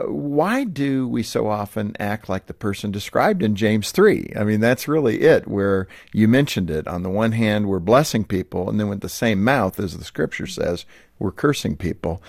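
A man's voice: on the low side, lively intonation, normal speed, creaky, darkish tone, no room sound, studio quality. A man hosting a radio interview, friendly with chuckling asides. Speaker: radio show host. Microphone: studio mic.

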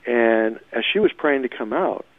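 A man tells his story in a halting, restarting way, full of small fillers. His voice comes through a tinny, narrow phone line. The sound is dry, with no room around it. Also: mid-range voice, lively intonation, no room sound. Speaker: interviewee recounting an event. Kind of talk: personal account.

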